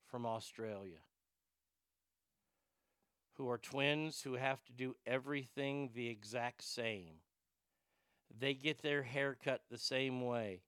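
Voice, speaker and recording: Male radio host, bright crisp tone, dry studio sound, animated crude rants full of restarts. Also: medium pitch, dry recording. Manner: animated, stammering restarts, crude mocking asides. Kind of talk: ranting talk radio monologue.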